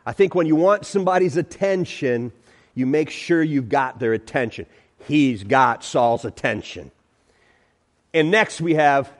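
Pastor guy preaching in church, high voice that swings all over, keeps repeating lines for the crowd. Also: expressive, a little slow. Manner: emphatic preaching with repeated phrases and call-and-response. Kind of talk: sermon.

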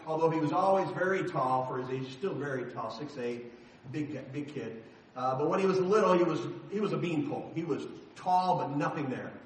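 A man's voice: a little high, expressive, moderate pace, slight background noise. A middle-aged man preaching a sermon, telling a story in an emphatic, dramatic way. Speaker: pastor. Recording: echoey hall from far off.

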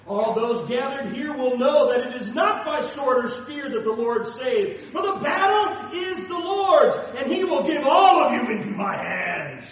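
A man's voice: very high-pitched, lively intonation, measured pace, hardly any pauses, a bit bright, recorded from a distance, pitched above the performer's own voice, heavily acted. A man declaiming as a bold young shepherd hero. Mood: fervent. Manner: declaiming with rising fervor. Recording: echoey hall, from afar.

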